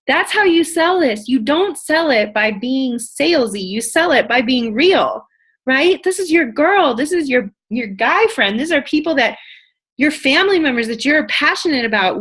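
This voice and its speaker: A young woman coaching her audience with bubbly, eager energy, her voice sitting a little high. She keeps slipping into quick acted-out snippets of conversation as she teaches. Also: a bit bright. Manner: bubbly, enthusiastic, acts out conversations. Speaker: network marketing trainer. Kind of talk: motivational training talk.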